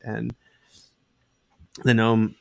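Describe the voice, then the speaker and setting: A man's voice: fairly low pitch, monotone, vocal fry, no room sound, clean studio sound. A young man running a tabletop game as game master, narrating with many restarts and repeated words. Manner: halting, repeats words, laughs often.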